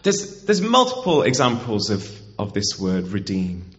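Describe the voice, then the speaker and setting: A man's voice: lowish voice, huge pitch swings, measured pace, a bit bright, faint music behind. A man preaching a conversational sermon in a church, getting the congregation to repeat words back to him. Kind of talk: interactive sermon. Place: church hall. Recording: dull, muffled church recording.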